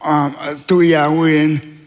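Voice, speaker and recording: A young man as an interview guest, talking slowly and haltingly with long pauses. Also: a little high, little pitch movement. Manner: slow, halting delivery with many pauses. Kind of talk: onstage interview. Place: large church auditorium. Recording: reverberant hall.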